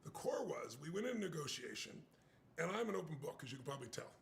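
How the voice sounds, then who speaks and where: Animated older man, lively gravelly delivery. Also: a little high, fast. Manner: emphatic, acts out quoted voices. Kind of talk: animated storytelling.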